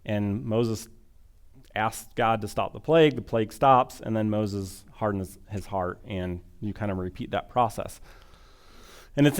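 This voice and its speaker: A man preaching a sermon, retelling a scripture story in a conversational, animated way and acting out the quotes. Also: on the low side. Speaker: pastor.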